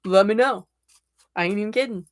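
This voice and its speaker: A woman's voice: mid-range voice, a little fast, no room sound, clean studio sound. A middle-aged woman from Florida, a tarot reader chatting casually on her livestream and laughing often.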